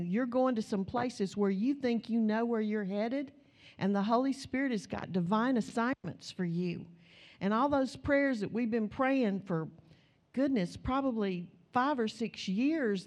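A woman's voice: on the high side, a little mellow. Middle-aged woman preacher, an earnest storyteller who voices each side of a conversation. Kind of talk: sermon.

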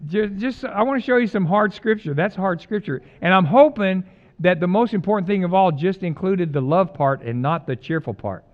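A middle-aged male pastor preaching a conversational sermon, mixing loud emphatic lines with quiet, jokey personal stories. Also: high-pitched, normal speed, highs cut off.

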